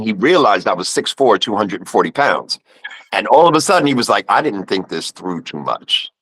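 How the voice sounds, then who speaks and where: A man's voice: lowish voice, fairly bright tone, dry recording, rough recording. A man in his fifties with a New York accent, a guest telling a personal story in casual conversation and acting out the voices he quotes. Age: 50s.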